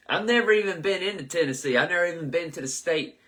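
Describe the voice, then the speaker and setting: Young man, live comedy host, bright tone, loose profane banter. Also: on the high side, animated, fast, slightly rough. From southern United States. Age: 20s. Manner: loose, profane, joking, stumbles over names. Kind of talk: live-stream comedy chat reading comments.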